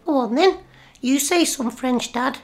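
A woman's voice: high-pitched, a little slow. A woman playing a cheeky, eager young boy in a radio play. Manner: chirpy, eager, questioning.

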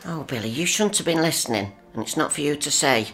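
A low-voiced, prim mum. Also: female voice, animated, quick pace, a bit bright. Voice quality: prim, scolding, motherly. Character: prim, fussing working-class mother. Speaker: mother. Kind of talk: broadcast drama acting.

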